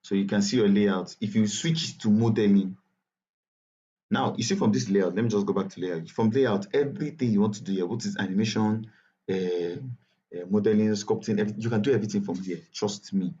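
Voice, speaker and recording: Nigerian guy teaching over a call, lowish mellow voice, kinda muffled lo-fi audio, rambles and restarts. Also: brisk. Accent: Nigerian English. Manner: chatty, repetitive, self-correcting. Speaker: bootcamp instructor. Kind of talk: live online tutorial.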